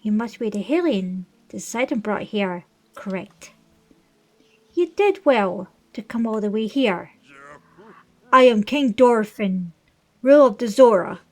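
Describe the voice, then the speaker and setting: A woman's voice: medium pitch, lively intonation, a little slow, darkish tone. A woman voicing a stately old fish-folk king. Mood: regal, welcoming. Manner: formal, stately reading of game dialogue. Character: older male fish-folk king, regal and fatherly. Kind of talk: reading video game dialogue aloud.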